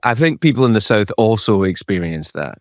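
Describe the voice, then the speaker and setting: A man's voice: lowish voice, big pitch swings, brisk, dry recording. Joking podcast host guy, voice bounces up and down a lot, dry close mic. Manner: joking, mock-serious, slips into quoted voices. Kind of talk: casual interview chat.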